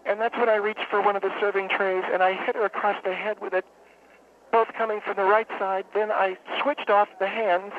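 Over a tinny telephone line with faint hiss, a woman calls in to a radio show and tells a long story. Her mid-range voice is deadpan, and her telling is halting and rambling.

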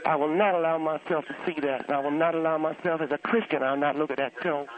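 A man's voice: a little high, steady tone, fast, natural voice. A man voicing a cranky, church-going elderly aunt who calls in and grumbles bluntly about everything. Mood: grumbling. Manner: blunt, grumbling, rambling complaints. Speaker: caller. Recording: tinny phone line.

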